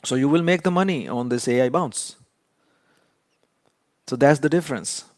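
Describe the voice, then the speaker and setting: A man's voice: medium pitch, normal speed, no room sound, clean studio sound. A man giving a trading lesson in an emphatic, lecturing way, often repeating key points for stress. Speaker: trading educator.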